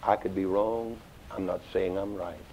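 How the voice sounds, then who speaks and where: An older man preaching a sermon, folksy and storytelling, swinging between loud outbursts and hushed asides. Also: low voice, steady tone, normal speed, a little hiss or hum. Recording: dull lo-fi sound.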